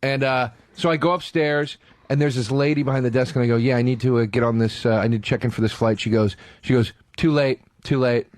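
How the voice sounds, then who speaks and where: A man co-hosting a comedy podcast, telling a profane, excitable anecdote in a studio. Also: medium pitch, quick pace, no echo. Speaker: podcast co-host. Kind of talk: casual comedic chat. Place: radio studio.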